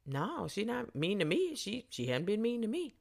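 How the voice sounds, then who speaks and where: A calm, polite man at a bar, voiced by a woman, mild and matter-of-fact. The voice is lifted above her usual range and keeps a slightly gravelly edge. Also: mid-range voice, normal speed, voice pushed up.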